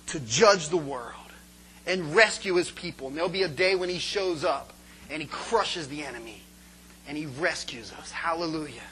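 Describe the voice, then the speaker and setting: A man's voice: a little high, normal speed, slightly rough, rough recording. A man preaching a sermon with energy, calling out questions for the congregation to answer. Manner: energetic, call-and-response with congregation.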